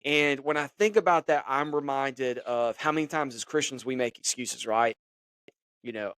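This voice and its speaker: A man's voice: mid-range voice, moderate pace, clean tone. A man talks through a devotional on his own podcast in a mid-range voice. He speaks casually and animatedly, acting out conversations as he tells them. The sound is close and dry, with no room echo. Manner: conversational, animated retelling with quoted dialogue. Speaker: podcast host.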